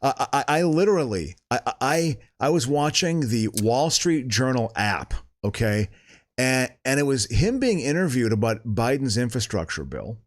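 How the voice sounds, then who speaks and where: A man's voice: mid-range voice, moderate pace. Rambling, restart-prone podcast man. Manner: rambling, animated, swears freely, many restarts. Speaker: podcast co-host. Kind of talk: casual podcast chat.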